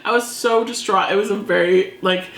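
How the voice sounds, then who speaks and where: A woman hosting a casual chat, telling a story in an animated, giggly way. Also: medium pitch, moderate pace, gravelly, slight background noise. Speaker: channel host. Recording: echoey room.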